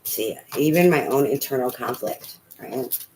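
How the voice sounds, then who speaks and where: A man's voice: mid-range voice, a little slow, a little mellow, slight background noise, rough recording. A man giving a casual tarot reading, talking aloud to spirit and swearing now and then. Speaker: tarot reader.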